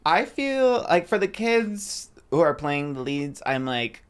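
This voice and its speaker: A man's voice: a little high, sing-song, slow, clear, resonant tone. A man co-hosting a podcast in casual chat, weighing his words and hedging with "I think" and "like".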